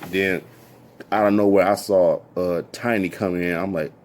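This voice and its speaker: A man casually telling a story from his past, animated and full of repeated "I'm like" asides. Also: low voice, unhurried, slight background noise.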